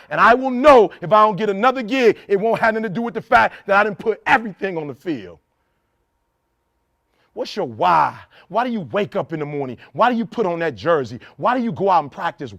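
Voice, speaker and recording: A man giving a fiery motivational speech to a football team. He preaches in repeated phrases and swings from shouting to hushed intensity. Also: high voice, animated, brisk, faint music behind.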